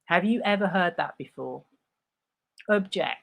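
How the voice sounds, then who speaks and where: A woman's voice: on the low side, animated, measured pace, vocal fry, a bit bright. A woman live-streaming a reading of a legal deposition, voicing the questions and answers herself and breaking in with sarcastic asides. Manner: reads several parts in turn, interjects sarcastic asides. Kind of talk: live dramatic reading with commentary.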